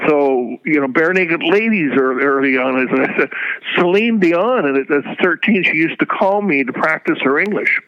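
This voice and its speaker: Older man telling music-industry stories, brisk. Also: on the high side, dry recording. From Canada. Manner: animated storyteller, repeats words. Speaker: guest, music journalist. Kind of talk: anecdotal interview talk. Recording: dull lo-fi sound.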